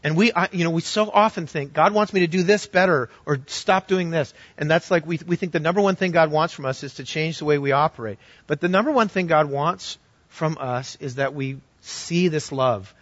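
A man preaching a sermon as pastor, telling a story earnestly and swinging from loud to hushed. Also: fairly high pitch, moderate pace, dry recording, highs cut off.

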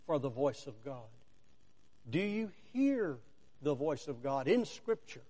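A man with a high voice preaches slowly and deliberately, leaning on single words and letting long pauses hang between phrases. He presses the listener with rhetorical questions. His voice rings through a large sanctuary with a long reverb tail. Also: darkish tone. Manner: deliberate, with dramatic pauses and swells of emphasis. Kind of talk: sermon.

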